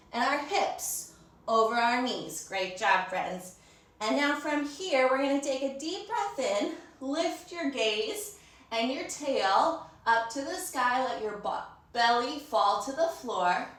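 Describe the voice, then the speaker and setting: A woman's voice: sits high, lively intonation, takes it slowly, a bit bright, reverberant, recorded from a distance. A woman teaching a storytime yoga lesson to children, encouraging them, asking them questions and praising them.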